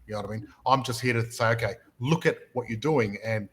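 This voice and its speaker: Man, podcast host, motivational talk, energetic, stumbles over opening words, mid-pitched voice. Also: fast, poor audio. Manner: energetic, repeats words when starting sentences, storytelling. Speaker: podcast host and property mentor.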